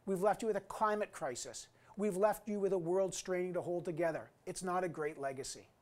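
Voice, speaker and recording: A man's voice: high-pitched, a little fast. A man in his fifties giving an earnest, emphatic graduation address as an alumni guest speaker. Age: 50s. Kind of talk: recorded commencement address.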